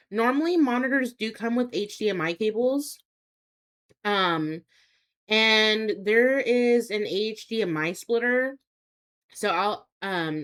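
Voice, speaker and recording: A young woman chats casually on a live stream, explaining things to her viewers at home. She rambles and trails off, filling the gaps with ums and stopping to restart her sentences. Her voice sits in a middle pitch for a woman. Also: fairly bright tone. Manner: rambling, hesitant, many fillers and restarts.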